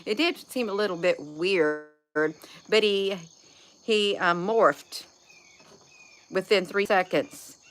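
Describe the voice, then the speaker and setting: A woman's voice: medium pitch, slow, pauses often, a bit bright. A woman vlogger talking to camera in a rambling, folksy, chatty way. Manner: folksy, chatty, drifts between topics. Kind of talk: rambling casual monologue.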